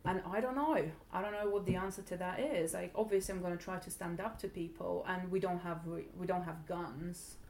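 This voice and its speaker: A woman from Bulgaria with a blended British English accent, giving a personal account in an interview, hesitant and earnest with many pauses and restarts. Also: on the low side, fairly even intonation, a little mellow, a little hiss or hum. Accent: blended British English, not quite English.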